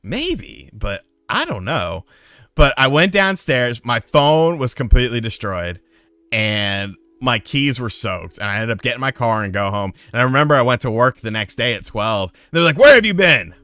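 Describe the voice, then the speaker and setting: A man casually telling a profane story on a live stream, getting loud and heated when he retells a fight. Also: mid-range voice, very animated, normal speed, clean tone, dry recording. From lived in North Carolina.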